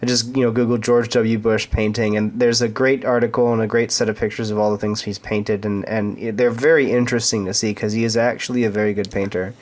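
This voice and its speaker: A man's voice: lowish voice, level tone, brisk, few pauses. A man co-hosting a casual podcast chat, earnest and stumbling over repeated words. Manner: stammering restarts, earnest. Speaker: podcast co-host.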